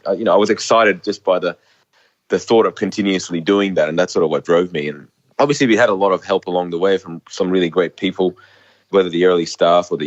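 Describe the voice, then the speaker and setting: A man with a low voice talks quickly as an interview guest, candid and often tripping over his words. He sounds middle-aged. The audio is somewhat dull and lo-fi. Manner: fast, stumbling, candid. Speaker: guest, company founder. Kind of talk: casual interview.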